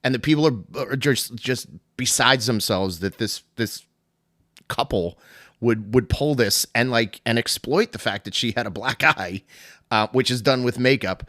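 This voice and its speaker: A man's voice: mid-range voice, measured pace, fairly bright tone, no room sound, clean studio sound. A man hosting a podcast, casually retelling a story in a rambling way full of fillers and laughs. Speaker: podcast host.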